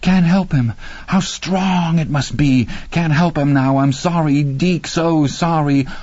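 A terrified young man, as the narrator plays him, muttering in shaken disbelief with his pitch pushed up a little above his usual. The sound is close, dry and slightly muffled. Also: animated, a little slow, dry recording. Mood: despairing. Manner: stunned, muttering to himself.

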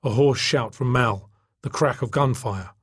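A man reading a novel aloud in steady, measured narration. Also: mid-range voice, slightly rough, no room sound, studio quality. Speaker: audiobook narrator. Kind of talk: scripted narration.

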